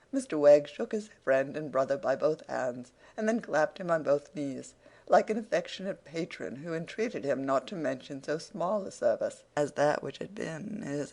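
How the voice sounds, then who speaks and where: A man narrating a classic novel as an audiobook, in a measured, formal storytelling manner. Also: fairly high pitch, gravelly, a little mellow.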